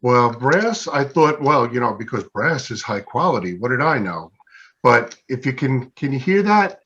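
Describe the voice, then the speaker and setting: A man's voice: mid-range voice, big pitch swings, moderate pace, a bit bright, husky, highs cut off. A man as an interview guest and pen maker, telling anecdotes in a casual, self-deprecating way and acting out what others said. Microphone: video call.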